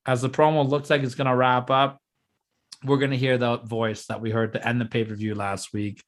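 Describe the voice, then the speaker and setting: Man, casual podcast chat, excited, teasing, step-by-step explainer. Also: medium pitch, normal speed. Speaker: podcast co-host booking a fantasy wrestling show.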